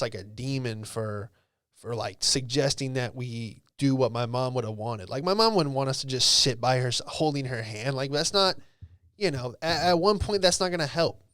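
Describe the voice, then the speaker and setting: A man's voice: mid-range voice, fairly quick, a bit bright, clean tone, no room sound, studio quality. Profane young man telling a story. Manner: profane, rambling, lots of "bro" and "dude". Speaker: podcast host. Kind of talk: casual storytelling monologue.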